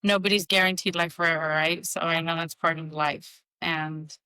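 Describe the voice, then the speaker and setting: A woman in her thirties talks through a podcast chat in a halting way, restarting her sentences. Her voice sits a little low yet sounds bright and smooth, recorded dry and close. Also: steady tone, no echo, poor audio. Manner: halting, many restarts and fillers. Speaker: podcast co-host. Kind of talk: casual heartfelt conversation.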